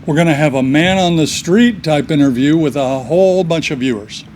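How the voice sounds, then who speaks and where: A man's voice: a little high, normal speed, a little mellow, a little hiss or hum. A man hosting a casual interview show and introducing it in a friendly, plain-spoken way at a recreation center. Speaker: host.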